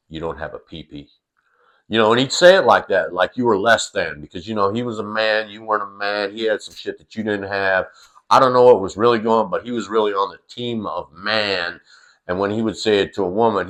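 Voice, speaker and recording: This funny family tale comes from a middle-aged man whose voice sits lowish with a fairly bright tone. The casual storytelling is loose and rambling, heavy on fillers and restarts, with an occasional curse.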